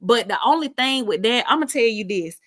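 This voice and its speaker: A woman's voice: fairly high pitch, lively intonation, brisk, fairly bright tone, no room sound, clean studio sound. A middle-aged woman hosting a casual live stream, reading out viewer comments in a chatty, informal way and laughing often.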